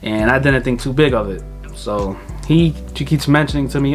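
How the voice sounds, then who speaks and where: A young man tells a long story in a loose, casual vlog style, cursing freely as he goes. He slips into quick little impressions of the people in the story, his pitch jumping up for their lines. Faint music plays quietly under his voice. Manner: animated, swears freely, acts out other people's lines. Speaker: car vlogger.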